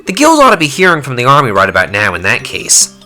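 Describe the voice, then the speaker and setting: Man voicing a gruff young swordsman, blunt and slangy, lively swings in pitch, bright edge. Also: fast, soft background music, exaggerated voice. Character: gruff young male fighter, rough-spoken. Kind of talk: fan voice-over reading of game dialogue.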